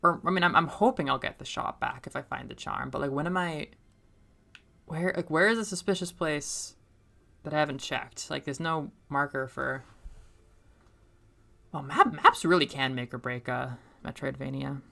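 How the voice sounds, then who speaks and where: Low-voiced chatty woman streamer. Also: moderate pace, vocal fry. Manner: rambling and chatty, laughs often, volume jumps when excited. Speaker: streamer and middle school teacher. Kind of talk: casual chat while playing a game.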